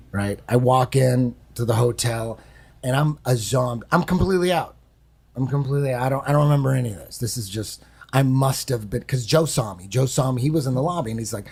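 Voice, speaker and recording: A man's voice: medium pitch, creaky, darkish tone, slightly rough. A man telling a long story on a podcast in a casual, rambling way, swearing often and repeating himself. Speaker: podcast guest.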